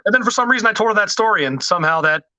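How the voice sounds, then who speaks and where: A man's voice: high voice, animated, rapid-fire, pushed and bright, no room sound. A man hosting a casual podcast, telling self-deprecating stories with lots of jokes and laughter. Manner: self-deprecating, joking storyteller. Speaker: podcast host.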